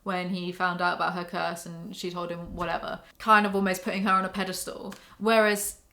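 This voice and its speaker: A woman's voice: fairly low pitch, level tone, brisk, pushed and bright. Candid woman ranting about books. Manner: candid, ranting, swears freely. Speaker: book reviewer. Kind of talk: casual spoken book review.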